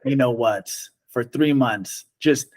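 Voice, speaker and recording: A man telling a long story in casual chat, animated and acting out the quoted lines of the people in it. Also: mid-range voice, slow pace. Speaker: storyteller guest.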